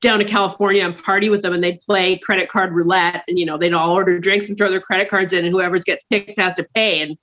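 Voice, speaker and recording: A woman's voice: fairly low pitch, steady tone, quick pace, few pauses, a bit bright, lo-fi sound. A woman chatting as a podcast guest, making dry, blunt asides. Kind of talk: casual podcast chat.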